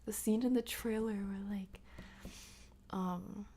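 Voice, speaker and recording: A woman's voice: medium pitch, fairly even intonation, slow, dark tone. A woman with a stuffy nose chatting on a livestream, often dropping into a half-whisper, giggling as she reads and answers chat. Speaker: ASMR streamer.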